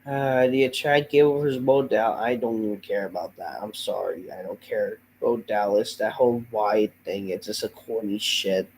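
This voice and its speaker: A man's voice: on the low side, steady tone, moderate pace, hardly any pauses, a little mellow, slight background noise, poor audio. Exasperated man ranting, voice worn out. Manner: profane, exasperated, sighing. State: under the weather, voice off. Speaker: host of a wrestling review show. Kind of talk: ranting show review.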